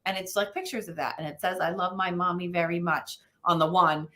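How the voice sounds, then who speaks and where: A woman from the United States speaks as a parenting expert guest in a relaxed interview. Her voice sits a little low, and she tells stories in an animated way, peppered with fillers. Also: brisk. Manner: animated storytelling with frequent fillers. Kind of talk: conversational interview.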